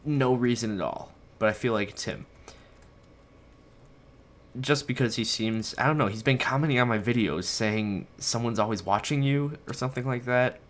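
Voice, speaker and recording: A young man hosts a casual let's-play from his bedroom, rambling and joking at his own expense while he plays, chatting to viewers and his dog. His mid-range voice is a bit bright and a little fast, with few pauses, and he sounds slightly out of breath.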